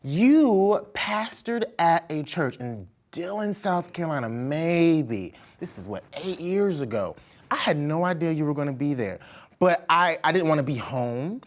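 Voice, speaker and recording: Young woman host, animated storyteller, lively pitch. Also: measured pace. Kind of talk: casual interview chat.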